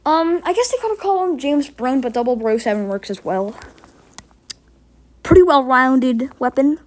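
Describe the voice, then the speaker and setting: A woman's voice: high-pitched, sing-song, moderate pace. A woman giving rambling, casual commentary while ranking video game characters, a little sick and short of breath. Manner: rambling, chatty, self-correcting. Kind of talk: casual tier-list commentary.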